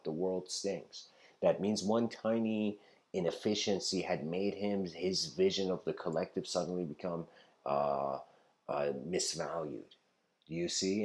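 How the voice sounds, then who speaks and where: A man giving an informal philosophy lecture, rambling and laughing often, acting out the voices in his stories. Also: low voice.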